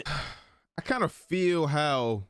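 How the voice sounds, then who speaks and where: A young man co-hosting a podcast in casual chat, telling stories with lots of laughter and sudden excited jumps in pitch. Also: extremely slow, smooth, no echo, studio quality. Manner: animated storyteller, laughs often, jumps into high excited bursts. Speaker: podcast co-host.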